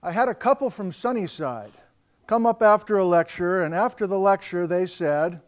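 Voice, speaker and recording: American guy lecturing to a crowd, kinda high voice, animated storyteller. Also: normal speed. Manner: animated storyteller, acts out quoted dialogue. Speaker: geology lecturer. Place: lecture hall before a live audience.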